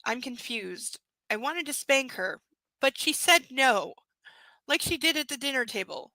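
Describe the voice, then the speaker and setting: A woman reads a novel aloud, stopping often for sarcastic asides and casual swearing. Her voice is high and bright. The recording is dry and close. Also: lively intonation, a little slow, vocal fry, no room sound, poor audio. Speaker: book reader. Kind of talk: live book reading with sarcastic commentary.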